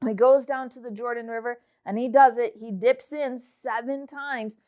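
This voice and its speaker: Speaking at a moderate pace, a high-voiced woman teaches kids a Bible lesson. She reads passages of scripture and retells them in a casual, lively storytelling manner.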